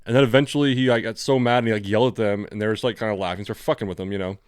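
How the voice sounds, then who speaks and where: A man's voice: lowish voice, very fast, smooth, dry recording. Male co-host, General American accent, laid-back and swears freely, dry close recording. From California. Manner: relaxed and profane, loose and rambling. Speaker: podcast co-host. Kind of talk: casual chat.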